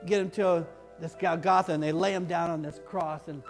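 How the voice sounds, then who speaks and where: A pastor playing a rough, streetwise ex-criminal in a sermon monologue, with coarse, colloquial talk that swings from loud outbursts to hushed tones. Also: male voice, fairly high pitch, fairly even intonation, normal speed, natural voice. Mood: impassioned. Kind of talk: first-person dramatic monologue in a sermon. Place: church. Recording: reverberant church sanctuary with faint music.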